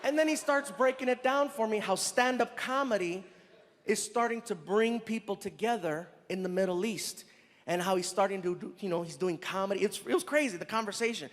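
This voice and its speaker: A middle-aged man doing stand-up, telling a story in an animated way. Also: high voice, fairly quick. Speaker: stand-up comedian. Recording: live venue with long reverb.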